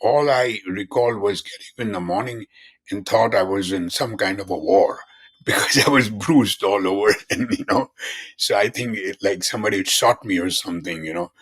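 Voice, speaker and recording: A man's voice: on the low side, moderate pace, fairly bright tone, slightly rough. An older man in his seventies, a physician guest in a conversational interview, who explains in an earnest way and repeats key terms.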